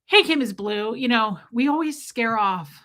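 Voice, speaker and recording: A woman's voice: a little high, animated, normal speed, fairly bright tone. A woman hosting a casual live stream, greeting viewers by name, self-mocking and laughing often. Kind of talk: casual live chat reading viewer comments.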